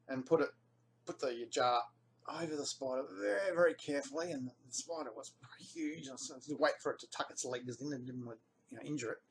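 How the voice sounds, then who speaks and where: A man's voice: medium pitch, slight background noise. An Australian man casually telling a rambling story, his voice jumping up when he quotes people. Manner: rambling, animated when quoting others. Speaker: vlogger.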